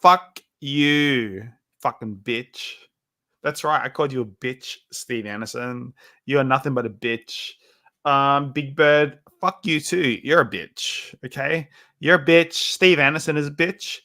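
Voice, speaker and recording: Drunk man, hiccups, bright tone, rambling, repetitive. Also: mid-range voice, a little slow. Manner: rambling, repetitive, swinging between insults and self-pity. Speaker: livestream co-host. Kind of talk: drunken rambling livestream chat.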